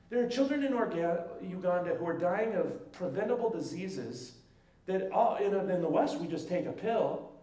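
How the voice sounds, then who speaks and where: A male pastor telling a story in a sermon, acting out the voices of the people in it. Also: high voice. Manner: lively storyteller who acts out the dialogue. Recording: echoey room, mic at a distance.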